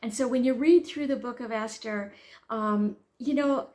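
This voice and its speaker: A middle-aged Bible teacher with a fairly high voice speaks at a normal pace. She tells a personal story like a lively storyteller, acting out her own thoughts, and then turns it into earnest, gentle encouragement.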